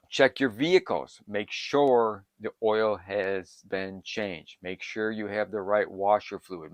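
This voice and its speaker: Older man, lowish voice, eager and rambling prep advice, dry close recording. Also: smooth, no room sound. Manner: excitable, rambling, jumps between topics. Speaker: prepping channel host. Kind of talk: casual advice to camera.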